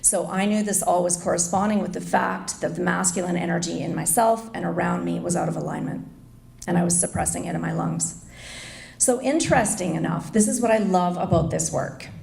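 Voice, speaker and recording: Gravelly-voiced woman telling her story. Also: lowish voice, darkish tone. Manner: earnest, confessional storytelling. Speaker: speaker at an inspirational event. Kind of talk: personal story speech. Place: hotel event room. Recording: echoey room.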